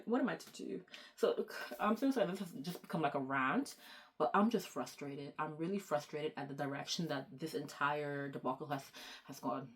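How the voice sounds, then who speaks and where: A young woman book vlogger chatting to camera, excitable and rambling, stopping to apologize for going off track. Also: sits low, moderate pace. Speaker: book YouTuber. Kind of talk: casual chat to camera.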